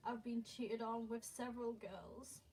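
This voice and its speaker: A young woman talks into her phone on a casual livestream, distraught and rambling between nervous laughs. Her voice sits on the higher side, and she drags her words out slowly. A faint hiss runs under the recording. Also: fairly even intonation, mellow, rough recording. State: emotionally distraught.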